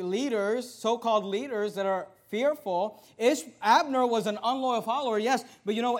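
A pastor preaching a sermon, moving from conversational storytelling into forceful, raised-voice preaching. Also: male voice, high voice.

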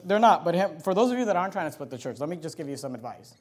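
High-voiced man preaching a fiery sermon. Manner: forceful preaching, loud scripture readings, quick asides. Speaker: pastor.

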